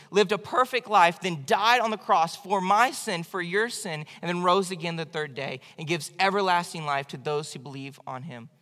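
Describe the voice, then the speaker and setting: A man's voice: sits high, pushed and bright. A male pastor preaching an evening church sermon in a conversational, emphatic way. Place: church sanctuary. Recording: long hall reverb.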